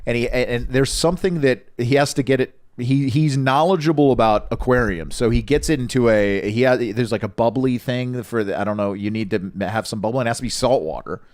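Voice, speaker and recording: A man co-hosting a podcast, telling stories in an animated, profane, casual way. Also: mid-range voice, brisk, few pauses, no echo, studio quality. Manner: animated, swearing storyteller. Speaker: podcast co-host.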